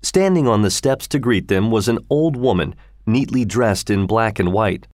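A man narrating a storybook in a measured, even reading voice. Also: fairly low pitch, no echo, studio quality. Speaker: audiobook narrator.

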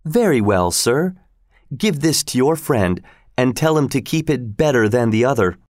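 A sly, clever young noblewoman speaks from a read-aloud storybook, as a male narrator puts her on. The voice sits noticeably higher than his own and is recorded dry and close. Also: expressive, normal speed, no room sound, natural voice. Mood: teasing.

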